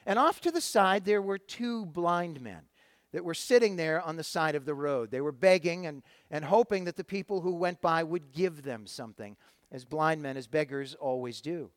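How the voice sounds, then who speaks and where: A male pastor with a fairly high voice retells a scripture story conversationally, stopping often to restart a phrase. The sound is dry and close, with no room echo. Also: normal speed. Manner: conversational, with frequent fillers and restarts. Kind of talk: sermon storytelling.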